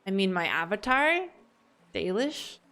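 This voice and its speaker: Southern American woman, casual stream chat, rambling, mid pitch. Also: big pitch swings, measured pace, sharp tone. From Southern United States. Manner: chatty, rambling, with restarts.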